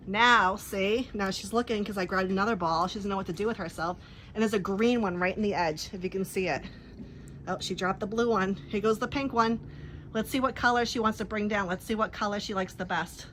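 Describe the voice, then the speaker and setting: A woman's voice: medium pitch, bright, forceful tone, slight background noise. A woman chatting casually on a phone live stream outdoors by a pool, rambling and teasing her dogs. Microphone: handheld phone. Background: dogs barking.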